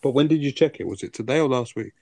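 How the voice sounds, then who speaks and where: A man's voice: mid-range voice, expressive, fast talker, a little mellow, no echo. A man co-hosting a podcast, chatting casually and teasing his co-host. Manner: banter, swearing, teasing. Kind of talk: casual chat.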